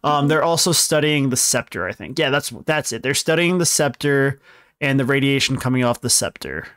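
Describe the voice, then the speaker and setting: Rambling young man recapping with smooth voice. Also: mid-range voice, normal speed, fairly bright tone, dry recording, studio quality. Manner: rambling, self-correcting recap with laughs. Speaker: podcast co-host explaining films. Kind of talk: casual podcast chat.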